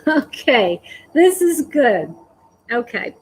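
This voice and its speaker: A woman psychic medium giving a live-streamed reading, gentle and hesitant, filling pauses with "okay" and "um". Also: fairly high pitch, very animated, slight background noise, low-quality recording. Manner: slow, hesitant, full of "okay" and "um".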